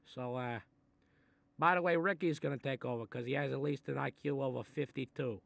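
A man voicing a short-tempered Italian-American mob boss who grumbles, swears and threatens, in a comedic animated role. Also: medium pitch, a little fast, dry recording. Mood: gruff menacing. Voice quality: gravelly, threatening. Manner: grumbling asides, sudden angry outbursts, swearing. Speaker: mob boss reading a children's book.

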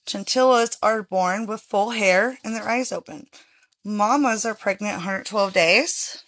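A woman's voice: mid-range voice, unhurried, a bit bright. A woman chatting casually to viewers on a phone livestream at home, talking straight to them. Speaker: livestreaming chinchilla breeder. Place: home with stairs. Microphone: handheld phone.

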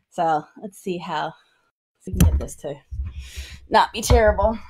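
Woman dance teacher, high voice, counts steps while dancing, slightly winded. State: out of breath. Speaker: dance instructor. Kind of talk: live-streamed dance lesson. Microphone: single mic while moving around.

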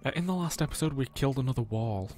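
A man's voice: medium pitch, lively intonation, fast, a little mellow. A young man hosting a casual let's play, joking, sarcastic and laughing often between comments.

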